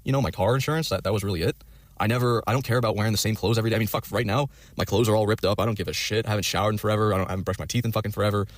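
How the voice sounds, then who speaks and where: A man's voice: lowish voice, fairly even intonation, very fast, no room sound, studio quality. A man telling a long personal story in a rambling way, full of swearing and fillers. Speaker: storyteller in a reacted-to clip.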